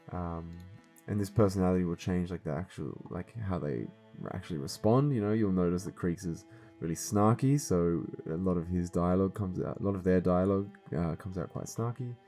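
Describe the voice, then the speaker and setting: Deep-voiced man explaining a game. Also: dark tone. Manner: earnest, explaining step by step. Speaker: host of a voiced game series. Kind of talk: casual gameplay commentary to viewers.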